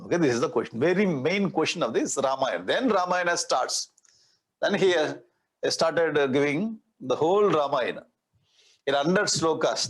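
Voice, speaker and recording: A man's voice: a little high, breathy edge, low-quality recording. A man with an Indian English accent giving a spiritual discourse as a swami, explaining scripture verse by verse, reciting Sanskrit lines and adding playful asides. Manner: explains verse by verse, repeating key words.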